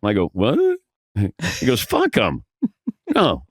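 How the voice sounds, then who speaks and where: A man telling animated anecdotes as a podcast guest, acting out the voices of the people in his stories. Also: mid-range voice, normal speed, no room sound, clean studio sound. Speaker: podcast guest, veteran sportscaster. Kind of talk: casual storytelling.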